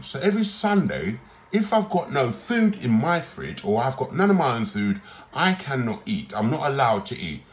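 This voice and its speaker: A man's voice: mid-range voice, moderate pace. Emphatic man recounting grievances. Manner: lively, emphatic, repeats himself. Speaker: psychiatric ward patient. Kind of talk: recorded personal complaint.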